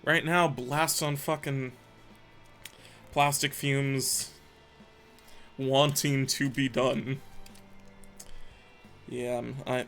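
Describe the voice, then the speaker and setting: A man's voice: mid-range voice, drawn-out words, pauses often, fairly bright tone. A young man on a live stream who mutters to himself and swears often. He is stressed and frustrated while he builds something by hand. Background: faint background music.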